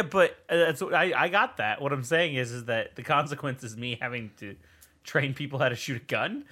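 A male player at a tabletop game talks in a loose, rambling way. His pitch swings widely, and he keeps laughing at himself mid-sentence. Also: fairly bright tone. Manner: rambling, self-mocking, laughs often. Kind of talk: tabletop role-play chat.

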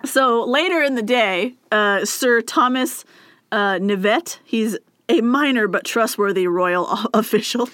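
A woman co-hosting a casual podcast, retelling a history story in an animated way, with lots of "like" and frequent laughter. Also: fairly high pitch, a little slow, no room sound, studio quality. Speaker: podcast co-host recounting history. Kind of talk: casual chat.

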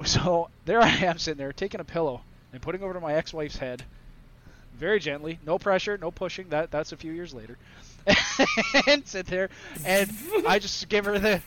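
A man's voice: high voice, huge pitch swings, normal speed, pushed and bright, poor audio. A man telling a crude story in a casual podcast chat, laughing between lines. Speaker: podcast guest.

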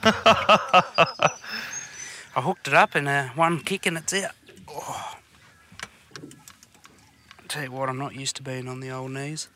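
A blunt, foul-mouthed Australian bloke chatting on a boat out on the river, his voice sharp and very bright. He rambles through stories and banter, cursing freely, with a faint hum of the outdoors behind him. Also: medium pitch, steady tone, slow pace, pauses often. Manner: blunt, swears constantly, rambling storyteller. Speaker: fishing podcast host. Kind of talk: casual banter while fishing. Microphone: portable recording equipment on the boat.

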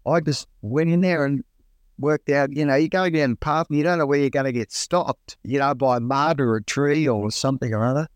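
A middle-aged Australian man, a guest telling stories in a relaxed, colloquial way and acting out his own exclamations. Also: medium pitch, a little fast, clear, resonant tone, dry recording. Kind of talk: casual storytelling.

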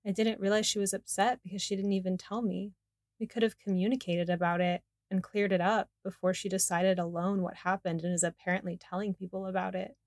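A woman's voice: medium pitch, level tone, fairly quick, a little mellow, no room sound, clean studio sound. Candid woman narrating a memoir. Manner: candid, confessional. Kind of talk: first-person memoir narration.

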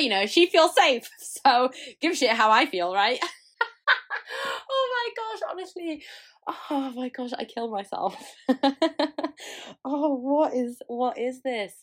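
Sweary, animated mum chatting. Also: female voice, mid-range voice. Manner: frank, sweary, self-mocking, laughs often. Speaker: podcast host. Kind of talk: candid solo chat.

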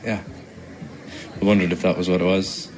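A man acting as an awkward young man in a screen drama, mumbling and hesitant. His voice is very low and flat, with a faint room ambience under it. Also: moderate pace, background noise, natural voice.

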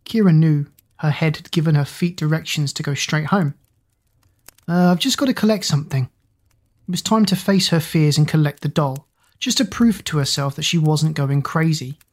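A woman reads a story aloud in an even, measured voice. Her pitch is on the low side, and her delivery holds steady line after line.

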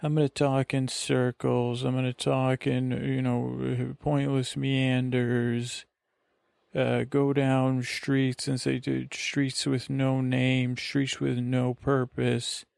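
A man's voice: medium pitch, monotone, takes it slowly, creaky, a little mellow, clean tone, no echo, clean studio sound. A man hosting a bedtime podcast, rambling in meandering circles and interrupting himself to help listeners fall asleep. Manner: meandering, self-interrupting, drowsy. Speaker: podcast host. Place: lakeside vacation spot.

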